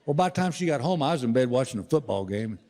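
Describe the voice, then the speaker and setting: A man's voice: medium pitch, animated, quick pace, dark tone, in a large hall. A middle-aged man doing a stand-up routine, telling folksy stories and acting out the voices of the people in them. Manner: folksy storytelling, acts out voices in quotes. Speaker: stand-up comedian.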